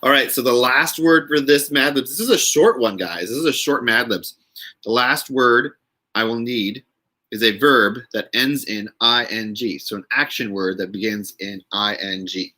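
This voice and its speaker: A man's voice: medium pitch, moderate pace, pushed and bright. Giggly man hosting a live stream. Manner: chatty, giggly, reads viewers' names aloud. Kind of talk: casual live stream chat with viewers.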